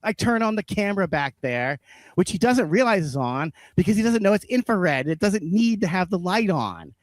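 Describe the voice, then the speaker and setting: A man's voice: high-pitched, very animated, normal speed, no room sound. A man co-hosting a podcast, ranting in a heated, profane, casual chat. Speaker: podcast co-host.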